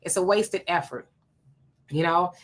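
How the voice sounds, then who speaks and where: A woman's voice: on the low side, measured pace. A woman hosting a live stream, chatting casually and giving opinions as she reads viewer comments. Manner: chatty, opinionated, laughing asides. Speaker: livestream host.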